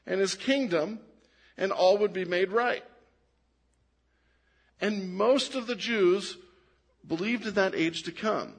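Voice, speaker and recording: A man preaching a sermon, animated and given to restarts, dropping low and quiet to stress his points. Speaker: pastor.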